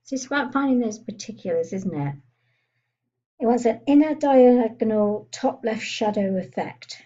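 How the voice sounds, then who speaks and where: Woman, software tutorial, husky mellow voice, muffled recording. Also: a little high, lively intonation, moderate pace. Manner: chatty, thinking aloud while clicking through menus. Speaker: computer skills tutor.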